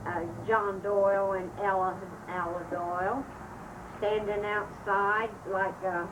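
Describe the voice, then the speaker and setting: An older woman from West Virginia telling family memories in a rambling, unhurried way, laughing now and then. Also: mid-range voice, little pitch movement. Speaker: family storyteller. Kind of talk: reminiscing oral history. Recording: distant mic, noisy home recording.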